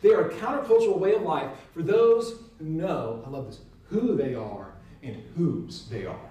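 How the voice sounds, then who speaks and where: A man teaching in an earnest, emphatic way, often checking in with a quick "right?". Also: a little high, animated, mellow. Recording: roomy sound, mic at a distance.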